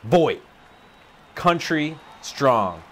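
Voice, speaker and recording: Excitable man streaming a baseball game. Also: drawn-out words, slight background noise. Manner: excitable, pitch jumps high when worked up. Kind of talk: live gameplay commentary. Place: empty office.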